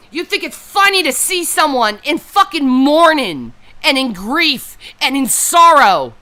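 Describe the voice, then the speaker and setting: Woman livestreamer, grieving and enraged, swearing rant, lively up-and-down delivery with a bright, cutting edge. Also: high voice. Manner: furious, profane and tearful, repeating herself. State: grieving and upset. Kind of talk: angry unscripted livestream rant.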